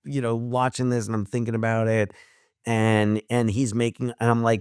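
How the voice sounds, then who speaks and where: An excitable man co-hosting a podcast, talking casually about a film and tumbling through half-finished thoughts. His voice sits in an ordinary middle pitch. The recording is dry and close, with no room around it. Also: normal speed, smooth, no room sound. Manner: excitable, thinks out loud with many restarts. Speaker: podcast co-host.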